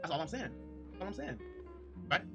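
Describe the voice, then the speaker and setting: Excitable male streamer, high and quick, riffing to his chat over soft music. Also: gravelly. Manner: excitable, addresses chat directly, reads messages aloud. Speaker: livestreamer. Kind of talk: livestream commentary.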